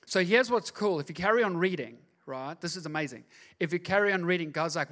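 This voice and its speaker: A man with a fairly high voice preaches a sermon in church. He moves between soft, confiding asides and loud, driving exhortation. He acts out the voices in his stories as he goes. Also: fast talker. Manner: acts out voices in quoted dialogue. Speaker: pastor. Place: church service.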